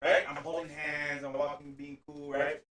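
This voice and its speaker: A man's voice: on the high side, little pitch movement, moderate pace, a bit bright. A man, telling a story in casual chat, acting out the voices and swearing freely. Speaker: co-host.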